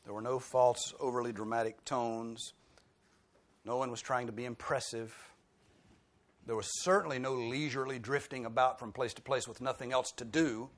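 Male preacher, mid-pitched, easygoing sermon delivery with rhetorical asides. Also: steady tone, normal speed. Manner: conversational, with rhetorical questions and dry humor.

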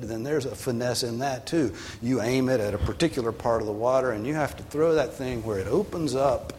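A male pastor giving a sermon in a conversational way, sometimes rising for emphasis and then dropping low. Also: a little hiss or hum. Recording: long hall reverb.

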